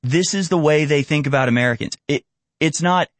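A man's voice: on the high side, fairly quick, no echo. Male host, casual commentary, mocking impressions, dry mic. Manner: animated, acts out quoted voices mockingly. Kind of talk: casual political commentary over video clips.

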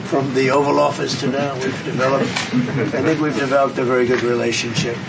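A man rambling through off-the-cuff press remarks and repeating himself often. His voice is mid-pitched and heard from some distance from the mic, with clear background noise underneath. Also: level tone, brisk. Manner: rambling, repetitive. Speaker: politician at a press event.

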